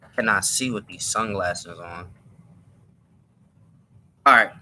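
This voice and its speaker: A man's voice: lowish voice, slow, pushed and bright. A man giving an emphatic opinion monologue on his live stream, often repeating and restarting his words.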